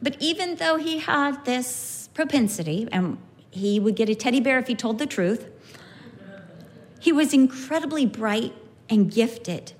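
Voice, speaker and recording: A former kindergarten teacher, a woman, telling stories about her class in an animated way, acting out her pupils' voices. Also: a little high, a little slow. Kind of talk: personal storytelling.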